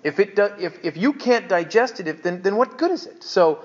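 Joking pastor with a slightly high voice. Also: male voice, lively intonation, a little fast, dull audio. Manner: chatty, joking, stumbling restarts. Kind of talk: conversational sermon. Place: church.

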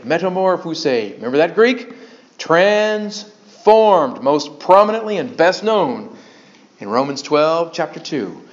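Animated man preaching a sermon. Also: a little high, takes it slowly. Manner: animated, conversational preaching with sudden emphatic bursts. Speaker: pastor. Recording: dull lo-fi sound.

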